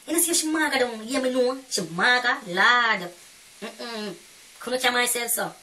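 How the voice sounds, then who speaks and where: A woman playing a brash young Jamaican woman in a comedy sketch, gossiping in loud, sassy patois, recorded from a distance off the mic. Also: a little high, moderate pace, noisy background, lightly acted. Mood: gossipy.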